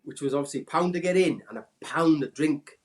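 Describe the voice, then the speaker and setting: A Welsh man in his forties, a former footballer, telling animated anecdotes in casual chat and mimicking people in a raised voice. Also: brisk. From Wales. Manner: animated anecdotes, acts out quotes in a high voice. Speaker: former footballer, podcast guest. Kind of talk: casual storytelling.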